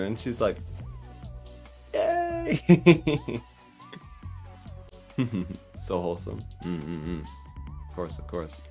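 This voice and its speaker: A young man streaming, telling a story casually with frequent laughter and a self-conscious manner. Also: on the low side.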